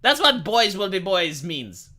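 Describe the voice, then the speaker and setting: A man's voice: high voice, big pitch swings, a little slow, bright, forceful tone. A man with a Romanian accent hosting a livestream, talking in a rambling, profane way with sarcastic asides and many restarts. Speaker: livestream host. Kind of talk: casual livestream commentary.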